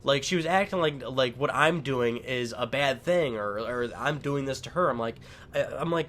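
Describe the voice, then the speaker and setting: A man talking casually into a desk mic while he plays a game, rambling and dropping curses between fillers. His voice sits at an ordinary middle pitch. A faint hiss hangs under the recording. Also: moderate pace, a bit bright. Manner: rambling and heated, lots of swearing and fillers. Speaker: gaming commentator. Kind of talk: casual gameplay commentary.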